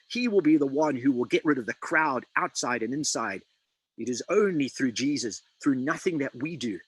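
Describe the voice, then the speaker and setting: A man preaching a sermon, dramatic and emphatic, quoting scripture with slow pauses. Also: mid-range voice, a bit bright, husky, no echo, rough recording.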